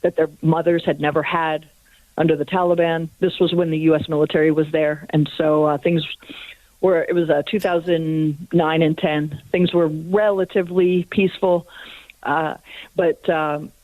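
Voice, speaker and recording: Over a tinny phone line, a woman with a low, level voice calls in to a radio show and speaks at a moderate pace with no echo. She shares a personal testimony earnestly, full of fillers and soft laughs.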